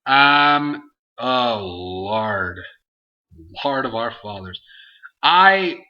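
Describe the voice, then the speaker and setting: A man's voice: mid-range voice, lively intonation, very slow, highs cut off. A man hosting a casual Q&A vlog, answering viewer questions in a rambling, self-interrupting way. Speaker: host.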